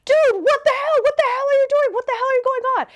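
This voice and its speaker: Woman putting on a furious young man, shouting, outraged, high-pitched, loud. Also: fast. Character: furious young man yelling at a drunk guest.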